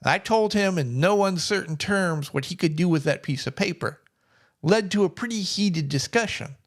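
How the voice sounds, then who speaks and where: A man's voice: high voice, lively intonation, moderate pace. A middle-aged man telling a personal story in a plainspoken, wry way. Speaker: vlogger.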